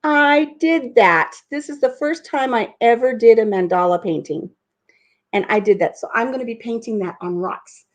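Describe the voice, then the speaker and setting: A woman's voice: a little high, moderate pace. A middle-aged woman hosting a casual live stream at home over coffee, rambling from one tangent to the next. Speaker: livestream host. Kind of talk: casual chat.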